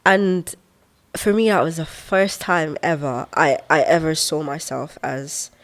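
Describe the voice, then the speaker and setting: A young woman in her twenties, a podcast guest who talks in an expressive, animated way and laughs often while reflecting on her life. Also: deep voice, unhurried. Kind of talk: reflective conversational storytelling.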